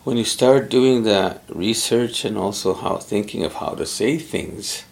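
Brief: middle-aged man, gravelly, unhurried, thoughtful interviewee. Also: lowish voice, a little mellow. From Pimicikamak Cree Nation, Canada. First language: Cree. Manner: measured, thoughtful, pauses often to find words. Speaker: interviewee, former Cree teacher. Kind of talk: conversational interview.

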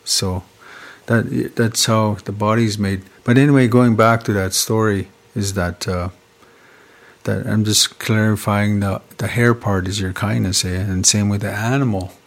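A man from Canada telling traditional star stories in an unhurried, conversational way, often tagging his phrases with "eh?". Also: on the low side, steady tone, creaky. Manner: unhurried, repetitive, ends phrases with "eh?". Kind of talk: casual storytelling conversation.

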